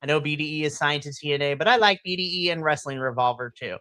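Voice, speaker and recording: Chatting casually after the show, a podcast co-host sounds excitable, laughing a lot and bursting into loud exclamations. The voice is medium-pitched and fast, with no room sound.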